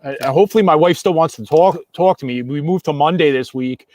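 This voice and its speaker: A man's voice: fairly high pitch, quick pace, a little mellow. Upbeat stammering male podcast host. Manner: stammering, upbeat, often laughing. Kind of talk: casual chat.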